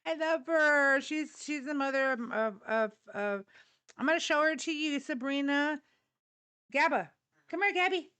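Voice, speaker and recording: Middle-aged woman, live stream host, blunt, profane, fired up, slightly high voice. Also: normal speed, bright, forceful tone. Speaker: livestream host. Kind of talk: live political talk stream.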